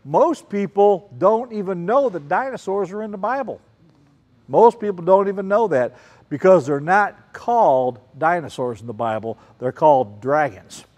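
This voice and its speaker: Man, children's speaker, high lively voice, big reverberant hall. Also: moderate pace. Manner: animated, calls out questions to the crowd. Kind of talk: lively talk to a group of kids. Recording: long reverb, large hall.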